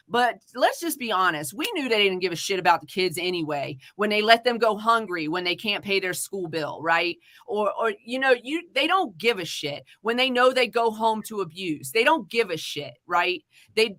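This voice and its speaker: A woman's voice: mid-range voice, pushed and bright. A woman hosting a live-streamed talk show, talking in a heated, swearing rant before turning to her guest. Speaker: podcast host.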